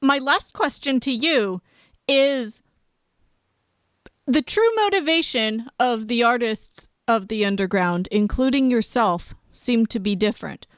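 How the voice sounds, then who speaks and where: A woman hosting a podcast interview, curious and quick to laugh. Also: a little high, animated, no echo, clean studio sound. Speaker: podcast host.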